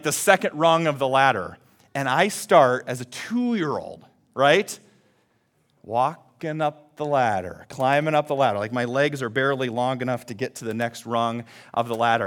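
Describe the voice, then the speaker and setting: A man in his thirties, a pastor giving a lively sermon with a personal story and calls for responses from the congregation. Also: mid-range voice. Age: 30s.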